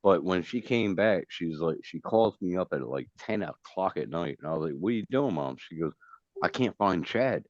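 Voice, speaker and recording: A man with a very deep voice tells a personal story in loose, casual talk, swearing freely. The recording is dry and close, with a somewhat dull, muffled tone. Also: moderate pace, dry recording. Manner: loose, swears, lively when quoting. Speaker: host. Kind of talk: casual chat.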